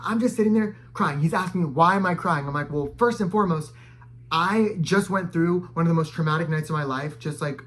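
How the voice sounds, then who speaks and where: Young adult male storyteller, a bit high-pitched, animated and dramatic, filler-heavy casual delivery. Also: slight background noise. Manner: animated, dramatic storytelling with frequent "like" fillers and sudden loud bursts. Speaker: storytime vlogger.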